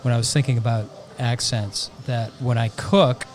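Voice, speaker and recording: Relaxed man telling wry stories. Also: medium pitch, normal speed. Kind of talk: casual chat.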